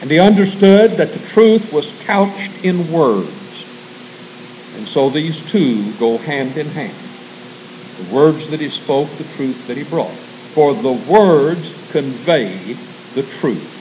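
A man preaching a sermon in an earnest, measured way, reading and quoting scripture to a congregation that includes men training to preach. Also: on the high side, animated, darkish tone, highs cut off, slight background noise.

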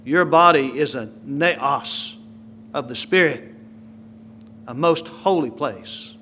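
A man preaching a sermon, swinging from quiet, slow asides to loud, emphatic lines. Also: on the high side, slight background noise.

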